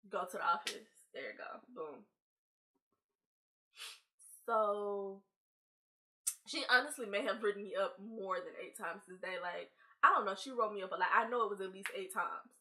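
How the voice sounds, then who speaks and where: A young woman vlogger telling a casual story in an animated, slangy way, acting out the people in it. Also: mid-range voice.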